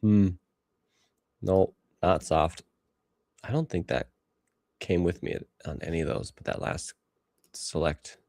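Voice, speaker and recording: A man's voice: deep voice, slow pace, gravelly, pauses often, a little mellow, no room sound. A man in his thirties streaming live as he edits photos, rambling and talking to himself while he works. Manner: rambling self-talk, musing aloud. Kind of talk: casual livestream commentary while working.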